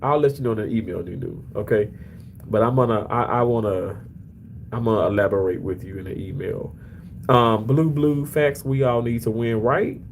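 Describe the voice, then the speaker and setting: A man chatting casually on a livestream during his work shift, talking to and answering his chat in an animated way, his voice often leaping high. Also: normal speed, gravelly, a little hiss or hum, low-quality recording. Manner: animated, often jumps high in pitch, restarts a lot.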